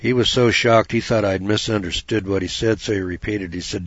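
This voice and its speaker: Man, low voice, folksy preaching talk, rambling and questioning, dull dry lo-fi recording. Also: steady tone, fairly quick, hardly any pauses, no echo. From United States. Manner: rambling, repeats "you know", asks the listener questions.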